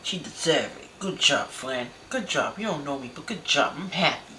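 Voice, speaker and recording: A woman reacting to a video in casual commentary, animated and slangy, talking back at the screen. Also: low voice, normal speed, hardly any pauses, a little hiss or hum.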